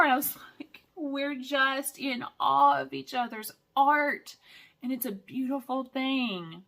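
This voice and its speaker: A woman's voice: medium pitch, sharp tone. A woman, chatting casually and enthusiastically as a cross-stitch vlogger, rambling from one story to the next. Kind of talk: casual chat.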